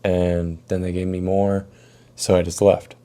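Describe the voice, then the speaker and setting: A young man recounts his own story in a relaxed, profanity-laced way, like a storytime vlog. His voice sits low and is very dark in tone. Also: measured pace. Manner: laid-back, profane storytelling. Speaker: storytime YouTuber.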